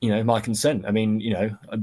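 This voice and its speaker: Man grumbling and rambling, low, flat, husky, clip sound. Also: quick pace. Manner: rambling, grumbling, filler-heavy. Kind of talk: rant in a played clip.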